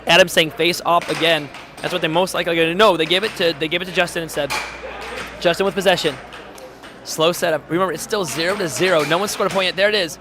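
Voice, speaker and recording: Male live-stream commentator, high, hoarse, chatty, noisy venue. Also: fast. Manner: excitable, chatty, reads chat aloud. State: voice going hoarse. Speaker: air hockey commentator and streamer. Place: tournament hall.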